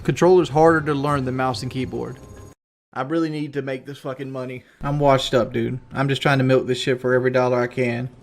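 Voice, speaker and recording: A man's voice: mid-range voice, fairly even intonation, brisk, soft background music. A man on a live stream talking bitterly and profanely about streaming for money. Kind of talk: stream commentary.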